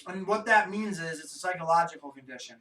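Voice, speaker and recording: A man's voice: fairly high pitch, quick pace, bright, forceful tone, recorded from a distance. A man from the United States, co-hosting a podcast in crude, jokey casual chat while watching a film. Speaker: podcast co-host. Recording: roomy, off-mic sound.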